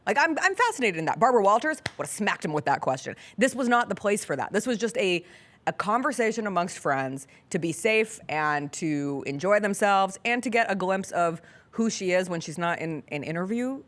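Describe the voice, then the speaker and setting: A woman's voice: lowish voice, animated, brisk, fairly bright tone. A woman hosting a sports talk show, chatting casually and animatedly, laughing often. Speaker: sports radio show host. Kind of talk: casual chat.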